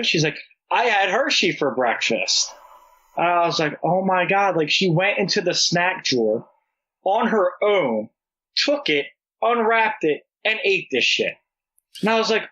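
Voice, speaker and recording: A young man telling rambling, animated stories in casual podcast chat, laughing as he goes. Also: a little high, normal speed, breathy edge. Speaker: podcast guest. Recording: dull lo-fi podcast audio.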